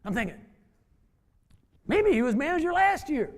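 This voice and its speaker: A former wrestling coach telling a story to an audience, acting out the dialogue in an animated way. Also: male voice, extremely high pitch, moderate pace. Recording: hall reverb.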